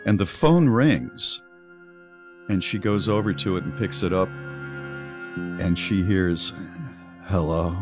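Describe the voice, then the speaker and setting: A man's voice: fairly low pitch, slow, pauses often, music in the background. A man co-hosting a radio talk show, retelling a spooky story in a casual chat and acting out the voices in it. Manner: animated, acts out quoted voices in a story.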